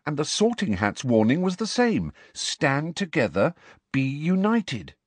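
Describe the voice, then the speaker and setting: Man doing a bossy, principled teen girl in an audiobook, higher and lively, lecturing. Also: breathy edge, no room sound. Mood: earnest. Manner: earnest, lecturing, slow emphatic delivery. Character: clever, earnest teenage girl, bossy and principled.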